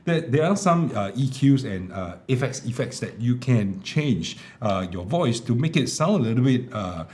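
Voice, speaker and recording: In a home room with an air conditioner, a male tech reviewer casually demonstrates a small wireless mic for a product vlog. His medium-pitched voice keeps a normal speed, and he explains in a relaxed manner with plenty of fillers, recorded on a small wireless clip mic.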